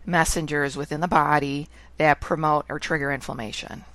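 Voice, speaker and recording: A woman hosting a podcast, asking curious questions in a relaxed conversational way. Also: deep voice, moderate pace, no room sound. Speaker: podcast host. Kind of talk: casual interview.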